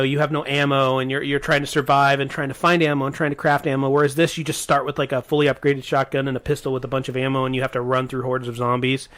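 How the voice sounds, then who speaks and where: A man's voice: medium pitch, fairly bright tone. A man co-hosting a casual podcast, telling stories in a rambling, hesitant way, full of ums and restarts. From Portland area, US. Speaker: podcast co-host. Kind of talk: casual storytelling chat.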